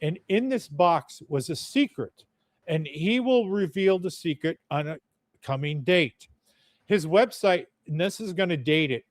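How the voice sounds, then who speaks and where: A man who films UFOs is a guest on a podcast, telling a story in a blunt, chatty, profane way. His voice is fairly high, recorded in studio quality with no room sound.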